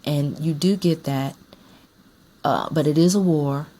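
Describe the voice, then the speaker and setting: Low-voiced chatty woman vlogger. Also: measured pace, mellow. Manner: chatty, emphatic, repeats herself for effect. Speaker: movie collector vlogger. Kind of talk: casual chat about films.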